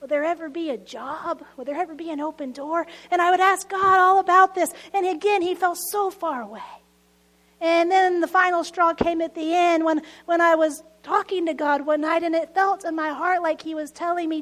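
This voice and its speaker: High-voiced woman pastor preaching. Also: normal speed. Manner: expressive, swings from loud emphasis to hushed whispers. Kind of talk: sermon.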